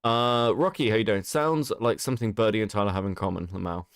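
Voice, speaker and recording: A man's voice: fairly low pitch, fast talker, clean tone, dry recording, studio quality. A man hosting a casual livestream while sick, reading chat aloud, swearing and laughing often. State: sick, rough voice. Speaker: streamer host.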